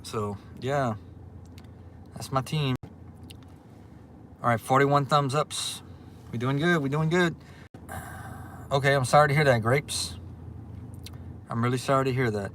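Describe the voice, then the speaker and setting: A man from Louisiana with a Southern accent, chatting casually on a livestream and reading out viewer comments in a relaxed, drawling way. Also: mid-range voice, unhurried, pauses often, a little hiss or hum. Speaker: livestream host.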